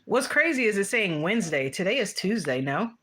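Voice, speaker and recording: A woman hosting a casual livestream while eating, excitable and exclamatory, swearing freely. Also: medium pitch, a little fast, husky. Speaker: livestream host.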